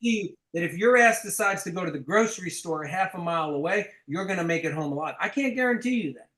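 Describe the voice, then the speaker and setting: Blunt, emphatic high-voiced sales coach. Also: male voice, expressive, fast, pushed and bright, roomy sound, poor audio. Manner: blunt, emphatic, swears casually.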